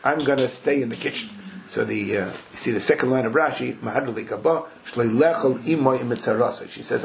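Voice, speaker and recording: Leading a small-group Talmud lesson, a man with a mid-range voice and vocal fry talks a little fast, lively as he voices the quoted exchanges and sprinkles Hebrew and Yiddish into his English. Crowd noise can be heard.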